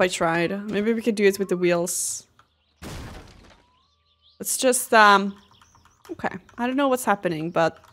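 A woman's voice: sits high, a bit bright. A woman streamer giving casual let's-play commentary, chatty and playfully dramatic, talking to the game and to herself. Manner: playfully dramatic, exclaims and laughs often.

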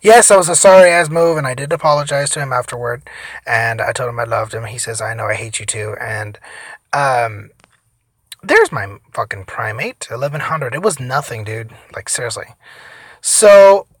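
A tired young man giving casual, profane gameplay commentary, rambling between loud outbursts and mumbled asides. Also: medium pitch, expressive, moderate pace, slightly rough, no room sound. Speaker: gaming vlogger.

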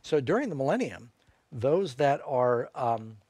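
A man's voice: mid-range voice, slightly rough, no room sound. Pastor guy answering bible questions, easygoing, lots of um and uh, dry studio sound. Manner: relaxed, halting, many fillers. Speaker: pastor and co-host. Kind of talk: unscripted Bible Q&A.

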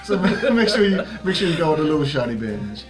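A man's voice: on the high side, very animated, brisk. A man co-hosting a music video reaction, talking in an easygoing, filler-heavy way and wrapping up with channel plugs. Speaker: YouTube reaction co-host. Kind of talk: casual reaction chat. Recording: music video playing loudly behind.

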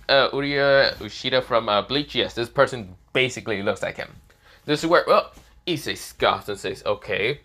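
Guy rambling through a made-up fan story, tons of "well" and "kinda", bright voice, swears a bit. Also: mid-range voice. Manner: rambling with many fillers and casual swearing. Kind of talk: improvised fan-fiction storytelling.

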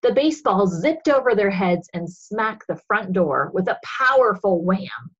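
A woman reading a children's story aloud for religious education, expressive and husky. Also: medium pitch, unhurried, muffled recording.

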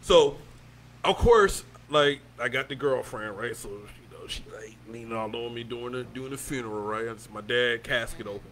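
A young man telling a funeral story in casual chat, animated and profane, often laughing as he talks. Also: mid-range voice, moderate pace, slight background noise.

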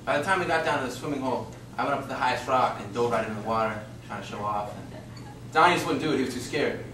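A comedian telling rambling, affectionate anecdotes about a friend, full of filler words. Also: male voice, medium pitch, rapid-fire, reverberant, far from the mic, noisy background. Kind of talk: storytelling testimonial.

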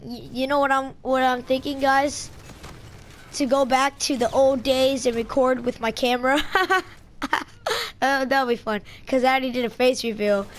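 A woman giving casual gameplay commentary, excitable and trash-talking, breaking into sudden yelps. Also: high voice, normal speed, slight background noise. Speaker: gaming channel host.

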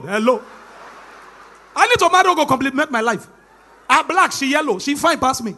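A young man with a Nigerian accent tells stand-up stories to a church crowd. His voice sits very high and sounds bright and forceful. He switches into pidgin and shouts his punchlines. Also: moderate pace, pauses often. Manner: animated storytelling, mixing pidgin, shouting punchlines. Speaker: stand-up comedian.

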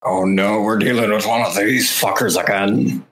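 A man voicing a crude, blunt male dwarf paladin in a rough put-on accent, at a tabletop game. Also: on the low side, steady tone, normal speed, a bit bright. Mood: gruff. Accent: put-on rough British-style dwarf accent.

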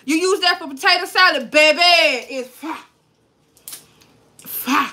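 High, bright-voiced woman on a cooking livestream. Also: takes it slowly. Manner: chatty, talks straight to viewers; playful, swears and jokes. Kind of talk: casual livestream cooking demo.

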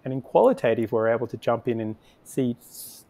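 Mellow-voiced man answering interview questions. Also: mid-range voice, lively intonation, fairly quick, vocal fry. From Australia. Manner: thinks aloud with frequent restarts and fillers. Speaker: podcast guest, conversion optimization agency founder.

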